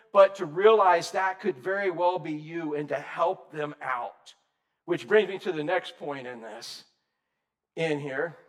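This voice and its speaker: A man preaching an informal sermon to a men's group, folksy and rambling, swinging between loud and soft. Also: sits high. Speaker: preacher leading a men's Bible study.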